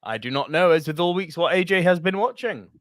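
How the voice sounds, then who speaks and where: A man's voice: high-pitched, lively intonation, brisk, a bit bright, dry recording. A man co-hosting a casual movie podcast, jokey, laughing often and swearing freely. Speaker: podcast co-host. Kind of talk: casual chat.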